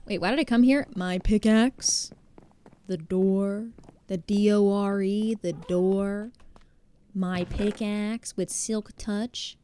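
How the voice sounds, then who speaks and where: A woman's voice: mid-range voice, slow pace, warm tone. A young woman streamer chatting casually with her viewers while playing a building game, swearing freely and making fun of herself. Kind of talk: casual live-stream chat while gaming.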